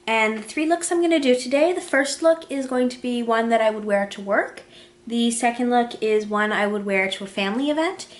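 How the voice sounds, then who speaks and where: Woman beauty vlogger, slightly raised pitch, casual step-by-step tutorial chat, roomy echo. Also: a little fast. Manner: chatty, talks through each step while applying makeup. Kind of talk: casual makeup tutorial narration. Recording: echoey room.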